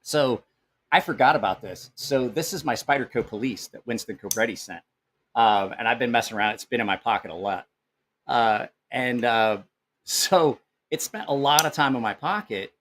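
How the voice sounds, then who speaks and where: A man in his forties talks at a middling pitch. He chats casually on a live stream, drifting from one story to the next and dropping curse words without a second thought. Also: normal speed, a bit bright. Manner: rambling storyteller who swears freely. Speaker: knife channel host. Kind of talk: casual live-stream chat, reading comments.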